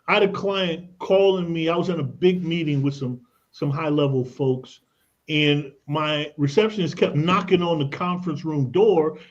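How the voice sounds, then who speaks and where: Male radio guest expert with a high-pitched voice; pushy, persuasive delivery peppered with slang, heard on a muffled broadcast. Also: fairly even intonation, normal speed. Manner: emphatic, persuasive, casual slang. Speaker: credit and tax expert guest. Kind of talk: radio talk show guest explaining. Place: radio studio.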